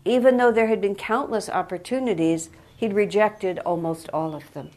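A woman's voice: medium pitch, normal speed, darkish tone. A woman teacher giving a spiritual talk, telling a story in an earnest, reflective way.

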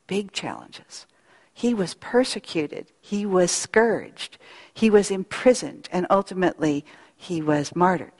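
A middle-aged woman giving an earnest, reflective devotional talk as a spiritual speaker, telling a story with long pauses. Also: medium pitch, a little mellow, husky. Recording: long hall reverb.

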